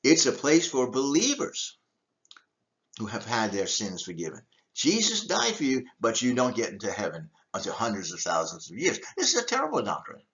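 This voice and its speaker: Older man preaching with a lively voice. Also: on the low side, normal speed, dull audio. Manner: emphatic, rhetorical questions, lively delivery. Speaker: deacon. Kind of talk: teaching talk on church history.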